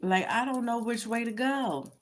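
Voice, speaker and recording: A woman's voice: a little high, moderate pace, a little hiss or hum. A woman giving a casual tarot reading commentary, talking in an emphatic, repetitive way and chuckling at her own remarks. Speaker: tarot reader.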